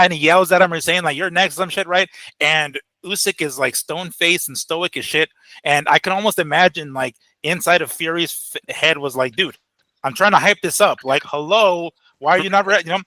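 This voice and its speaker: Man, casual co-host chat, bright forceful tone, dry close sound, swears a lot. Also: fairly high pitch, dry recording. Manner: profane, animated, acts out quotes. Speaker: boxing show co-host.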